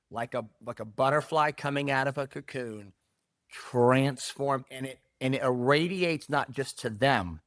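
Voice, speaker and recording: A man's voice: medium pitch, dry recording. Emphatic man with a dry close sound. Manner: emphatic and animated, repeats key phrases. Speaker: jiu-jitsu academy owner, podcast guest. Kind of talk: casual interview talk.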